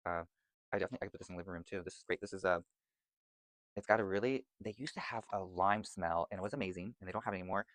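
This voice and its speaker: A man's voice: low voice, racing, a bit bright, no room sound. A man chatting casually and enthusiastically to camera as he shows off his candles, rambling and gushing about scents. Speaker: vlogger reviewing candles. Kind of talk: casual product chat.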